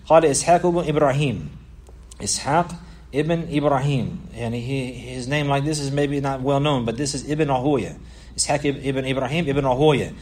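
Explaining a classical text in a religious lesson, a man speaks in a mid-range voice. His delivery has repeated and restarted phrases, and he rushes through quoted passages.

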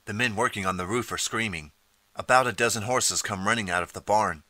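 A man reading an interactive audiobook in steady second person and calling out page choices. His voice sits low and comes across sharp and forceful. The recording is dry and close. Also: a little fast, no echo. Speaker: audiobook narrator. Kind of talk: scripted second-person narration.

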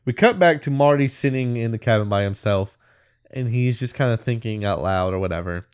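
In an expressive, fairly quick mid-range voice that's smooth and a little mellow, a man on a podcast recaps a movie scene by scene. He rambles loosely, leans on "like" and "whatever," and laughs partway through lines.

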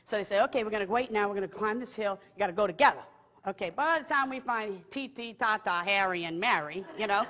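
Animated storytelling woman in a reverberant hall. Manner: animated, laughing, high excited outbursts. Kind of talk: testimony storytelling.

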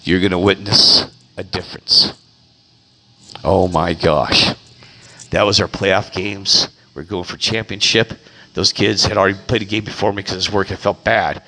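A man's voice: sits low, normal speed, rough recording. A man who coaches youth baseball, telling stories in a casual monologue and acting out the people he quotes. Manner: animated, acts out quoted people in raised voice.

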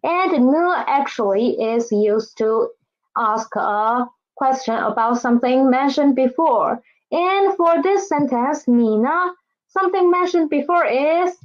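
Woman language teacher, fairly high voice, slow and patient, repeats drills, muffled lo-fi sound. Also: expressive. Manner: patient, repeats each word for students.

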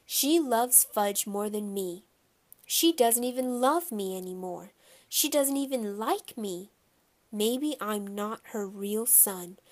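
A woman's voice: mid-range voice, slow, a little mellow, close to an everyday voice. A woman voicing an indignant young boy who protests and sulks, in a storybook reading. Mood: sulky. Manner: protesting, sulky. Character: indignant boy of about nine, sulky.

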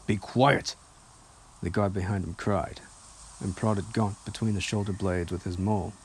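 Deep-voiced man reading a novel aloud. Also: level tone, normal speed, darkish tone, a little hiss or hum. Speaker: audiobook reader. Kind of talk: audiobook narration.

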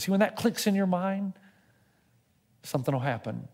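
A man's voice: high voice, animated, normal speed, long pauses, darkish tone. A middle-aged pastor preaches a sermon in a slightly raised voice. He tells stories and plays out both sides of a dialogue with God. His words ring out with a long reverb that fills the church hall. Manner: storytelling preacher who acts out dialogue with God.

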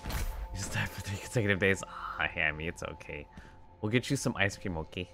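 A man's voice: sits low, fairly quick, creaky, over music. A man streaming a game, chatting playfully and rambling to his viewers and his pets. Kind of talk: casual gameplay stream chat.

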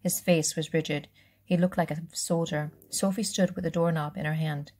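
A woman reads a children's novel aloud in a relaxed way, now and then stopping to correct herself or add a casual aside. Her voice is low and husky. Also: moderate pace. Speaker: reader.

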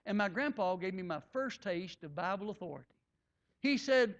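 A man's voice: high-pitched, lively intonation, brisk, a bit bright. Folksy preacher telling his story. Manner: folksy, acts out quoted dialogue. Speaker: guest preacher. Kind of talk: sermon testimony storytelling. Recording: dull lo-fi recording.

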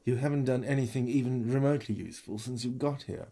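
A man's voice: medium pitch, fast talker, dark tone, close to an everyday voice. A man doing a sarcastic, curt cafeteria manager. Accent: vaguely European, put on. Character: surly, dismissive male cafeteria manager.

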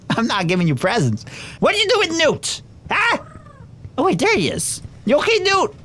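A woman hosting gameplay commentary, excitable and reactive, often breaking into shouts. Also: high voice, slow pace, long pauses. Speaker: gaming video host. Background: game music.

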